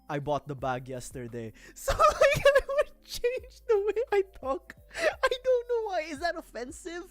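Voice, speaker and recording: A woman's voice: sits low, darkish tone. Giggly, rambling streamer woman. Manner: rambling and giggly, with frequent laughing fits and restarts. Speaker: VTuber streamer. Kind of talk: casual livestream chat while building a model kit.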